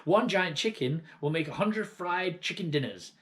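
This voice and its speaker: A man voicing an excitable, scheming middle-aged farmer father who exclaims eagerly. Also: high-pitched, moderate pace, voice pushed up. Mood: excited.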